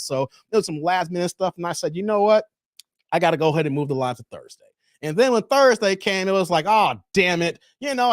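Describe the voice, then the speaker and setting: A man, hosting a casual livestream and chatting hyped with viewers, laughing and shouting them out. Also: high voice, dry recording, studio quality. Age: 40s. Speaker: livestream host. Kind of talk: casual livestream chat reading viewer comments.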